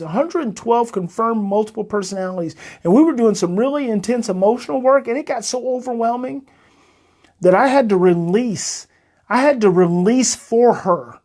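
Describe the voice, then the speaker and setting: A man, a parenting coach and host, giving a heartfelt motivational talk to parents. He talks emotionally and earnestly, repeats his phrases, and often turns soft and soothing. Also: sits high.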